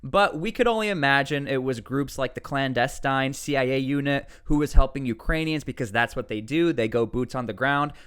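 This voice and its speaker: Male news commentator, mid-range voice, smooth and clean tone, casual and animated, punches key words upward. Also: mid-range voice, fairly quick, few pauses. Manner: reads out article text between remarks.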